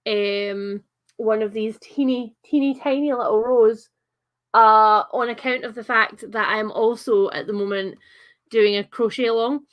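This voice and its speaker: Scottish woman rambling on a cosy craft stream, bit higher voice, lots of ums and laughs. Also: fairly even intonation, measured pace, lo-fi sound. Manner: chatty, giggly, lots of fillers and asides. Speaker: livestream host. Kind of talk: casual livestream chat, reading comments.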